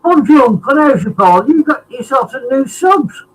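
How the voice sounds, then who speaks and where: A man's voice: very high voice, expressive, measured pace, rough recording. A man chatting as a guest on a live stream. He rambles and fills his talk with ums and uhs. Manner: rambling with many fillers. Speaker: chat guest. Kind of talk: casual live-stream chat.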